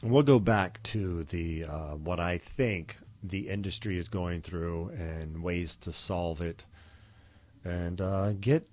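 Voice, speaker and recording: Deep mellow-voiced man hosting a podcast. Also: takes it slowly. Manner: rambling, relaxed, many fillers and restarts. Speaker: podcast host. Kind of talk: casual solo podcast monologue.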